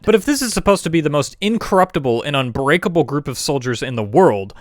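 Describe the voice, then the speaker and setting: A male critic tears into a film with sarcastic, deadpan commentary. His voice is animated and sits a little high for a man. The close voice-over sounds dry, with no room around it. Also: no echo. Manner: mocking, sarcastic, deadpan asides. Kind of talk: sarcastic movie review commentary.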